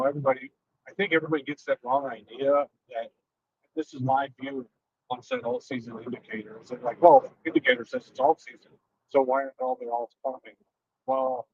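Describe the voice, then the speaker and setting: Hesitant monotone man on a muffled call. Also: mid-range voice, a little hiss or hum. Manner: hesitant, monotone, many fillers. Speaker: caller. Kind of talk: casual call-in chat.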